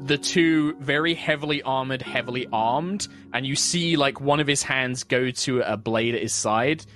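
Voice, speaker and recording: A man's voice: mid-range voice, moderate pace, over music. A man narrating as the game master of a tabletop game, chatty and laughing often.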